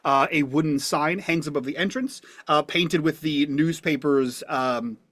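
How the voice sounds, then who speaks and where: A man's voice: a little high, measured pace, a bit bright, no room sound. A man running a tabletop game as game master, describing scenes with many fillers.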